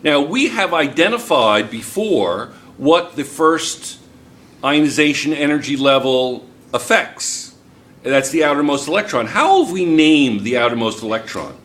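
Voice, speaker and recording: In a classroom, an American chemistry teacher with a New Jersey accent lectures and quizzes his students. His voice sits on the high side with big pitch swings and a fairly bright tone, and he talks at a measured pace, chatty and firing questions at the class.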